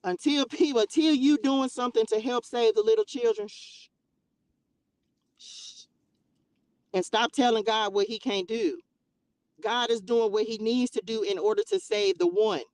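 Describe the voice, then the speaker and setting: A woman hosting a livestream, preaching in an emphatic, animated way, laughing often and firing off rhetorical questions. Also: fairly high pitch, normal speed, no room sound. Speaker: livestream host. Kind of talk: passionate preaching rant on a livestream.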